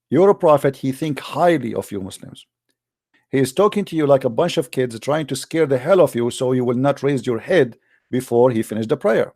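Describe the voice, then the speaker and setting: A man's voice: medium pitch, creaky, mellow. A man hosting a heated call-in debate, arguing hard and repeating his questions over and over. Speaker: debate host.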